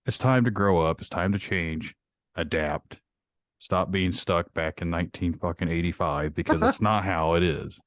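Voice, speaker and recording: A man's voice: low-pitched, moderate pace, no room sound. A man hosting a podcast, ranting bluntly with lots of swearing in casual chat. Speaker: podcast host.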